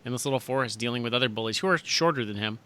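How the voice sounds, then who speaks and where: Bright-voiced man thinking aloud. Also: medium pitch, very fast, clean tone. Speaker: podcast co-host. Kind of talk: casual chat.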